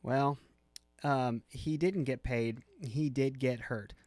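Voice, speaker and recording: A man's voice: medium pitch, steady tone, takes it slowly, a little mellow, no room sound. A man co-hosting a casual sports podcast, teasing his partner in playful banter. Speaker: podcast co-host.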